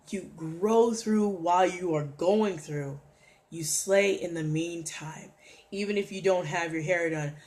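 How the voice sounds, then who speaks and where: Woman, livestream host, exhorting, preachy, greets viewers, phone mic. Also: on the low side. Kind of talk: motivational livestream talk.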